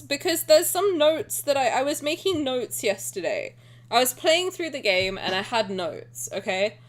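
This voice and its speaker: A woman streamer chatting casually and excitably with her viewers, rambling and swearing now and then. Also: sits high, a little slow. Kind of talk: casual live-stream chat.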